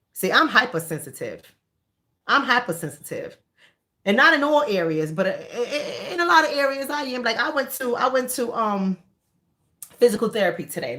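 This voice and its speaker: Animated woman telling a story. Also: medium pitch. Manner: animated, candid, repeats phrases for emphasis. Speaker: vlogger. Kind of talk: casual storytelling monologue.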